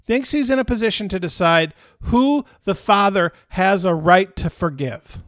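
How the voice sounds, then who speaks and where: Conversational preacher, slightly high voice. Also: male voice, normal speed, a bit bright, dry recording, studio quality. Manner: conversational, repeats phrases for emphasis. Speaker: pastor. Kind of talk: sermon.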